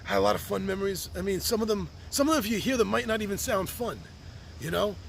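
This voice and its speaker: A man's voice: high voice, fast, creaky, slight background noise. A man speaking a heartfelt open letter on his podcast, reflective and earnest, sometimes restarting his sentences. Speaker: podcast host writing to his birth mother. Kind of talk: personal open-letter monologue.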